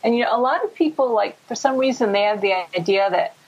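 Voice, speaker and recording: Husky-voiced woman psychologist explaining. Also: fairly high pitch, quick pace, dull audio. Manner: explanatory, warm and animated. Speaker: psychologist guest. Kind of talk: podcast interview.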